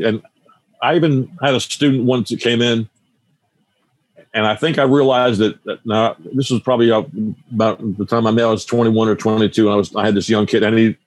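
A man's voice: fairly low pitch, no echo. A man in his sixties, a guitar teacher and radio broadcaster, telling stories in a casual interview, rambling and often restarting his sentences.

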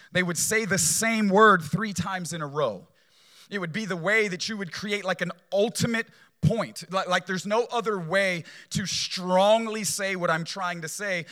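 Male pastor, sermon delivery, bright and slightly high voice, chatty with repeated phrases. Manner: conversational preaching, frequent "right?" tags, repeats phrases for emphasis.

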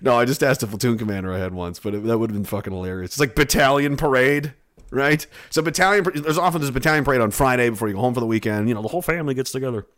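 A man's voice: medium pitch, racing. A young man, from Canada, chatting casually to his chat with profane jokes and rambling stories. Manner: profane, joking, animated storytelling with shouted bits. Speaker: streamer reading chat.

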